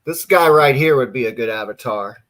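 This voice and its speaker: A man's voice: mid-range voice, expressive, fairly quick, a bit bright. Hesitant, plainspoken male guest author. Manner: hesitant, filler-heavy, plainspoken. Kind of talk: casual interview chat.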